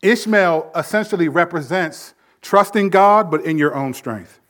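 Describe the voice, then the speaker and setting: A man preaching a sermon as pastor, building emphasis with sudden swells in volume and dropping low to make a point. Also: a little slow, a bit bright.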